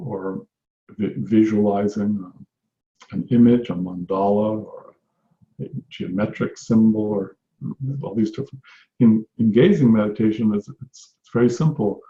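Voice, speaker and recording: Gravelly low-voiced man teaching meditation. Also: warm tone. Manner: unhurried and reflective, with frequent restarts. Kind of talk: spoken teaching talk on meditation. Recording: echoey room, dull lo-fi sound.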